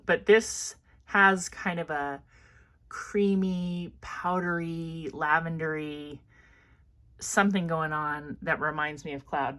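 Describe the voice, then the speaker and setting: A woman's voice: sits low, slow, fairly bright tone. A woman with a Midwestern American accent giving a casual, chatty perfume review, thinking aloud with plenty of fillers. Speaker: fragrance reviewer.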